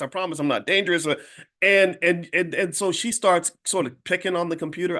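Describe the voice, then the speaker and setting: A middle-aged man tells a story from his own life in a casual, conversational way. His voice sits at an ordinary pitch for a man. He often stumbles, restarts and repeats words as he talks. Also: a bit bright. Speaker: finance educator and channel host.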